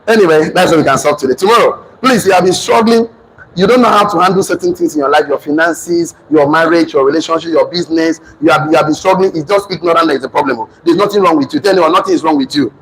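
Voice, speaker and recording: A man with a Nigerian accent giving a loud, fervent motivational speech to a live audience, repeating phrases like a preacher. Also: a little high, fast talker, poor audio. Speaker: motivational speaker and business trainer. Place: training hall with a live audience.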